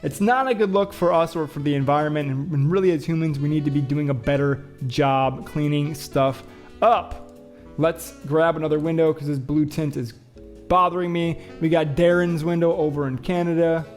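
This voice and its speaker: A man's voice: fairly high pitch, fairly even intonation, moderate pace, soft background music. A young man hosting a casual vlog, reading headlines aloud and joking about them in a chatty manner. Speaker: show host.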